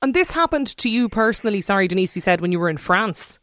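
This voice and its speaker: A woman's voice: medium pitch, sing-song, quick pace, fairly bright tone, no echo. An Irish woman hosting a radio phone-in, reading listener texts aloud and prompting callers with short questions.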